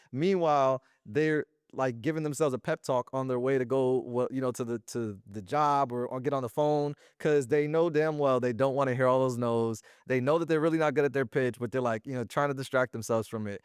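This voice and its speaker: A man talking as an interview guest about running a sales business, in slangy, animated casual speech. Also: medium pitch, fast talker, clear, resonant tone, no echo, studio quality. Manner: slangy and animated, often acting out little quoted exchanges.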